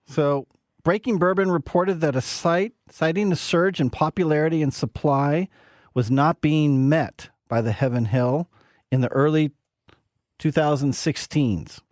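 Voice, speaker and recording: A man's voice: on the high side, a little slow, a little mellow, no echo, studio quality. A man co-hosting a radio show, telling stories in a playful, chatty way. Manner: storytelling, playful. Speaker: whiskey segment co-host. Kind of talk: casual radio chat.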